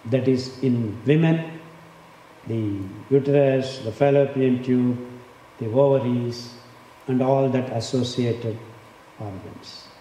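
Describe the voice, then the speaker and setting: A man's voice: mid-range voice, warm tone. Emphatic older man in echoing hall. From India. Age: 60s. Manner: emphatic, repeats words for effect. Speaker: speaker on diet and health. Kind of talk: impassioned talk. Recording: echoey hall, faint background noise.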